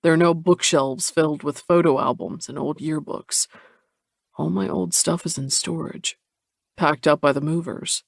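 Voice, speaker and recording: A man reading a romance audiobook in the first person, measured and introspective. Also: fairly high pitch, fairly even intonation, vocal fry, no echo, clean studio sound. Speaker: audiobook narrator. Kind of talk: first-person scripted narration.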